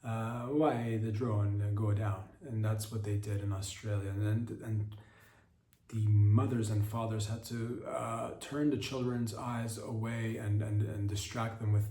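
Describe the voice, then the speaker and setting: A man hosting a comedy podcast, delivering a rambling comic monologue full of deadpan innuendo and self-corrections. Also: fairly low pitch, unhurried, roomy sound.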